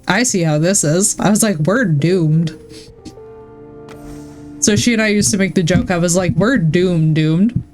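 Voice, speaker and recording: A woman's voice: fairly low pitch, moderate pace, pauses often, darkish tone. A woman streams from her home setup, chatting casually into a desk mic while she plays. She rambles through stories and swears freely, with faint music underneath. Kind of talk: casual chat while gaming.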